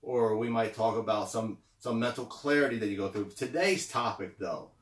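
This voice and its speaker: A man's voice: on the low side, moderate pace, distant mic. A slightly winded man giving a casual, encouraging pep talk, often repeating himself and checking in with "okay" and "right". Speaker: motivational vlogger. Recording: roomy sound, away from the mic.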